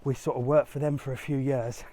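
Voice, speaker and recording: A man's voice: mid-range voice, little pitch movement, fairly quick, mellow. A middle-aged man on a live walking vlog outdoors, chatting to viewers and getting out of breath on the stairs. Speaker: travel vlogger. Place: outdoors on a hillside walk.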